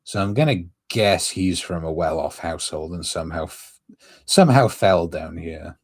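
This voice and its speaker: A man's voice: low voice, very animated, normal speed, a little mellow, slightly rough. A man streaming a casual manga reaction, thinking aloud as he reads. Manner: thinking aloud, musing with fillers.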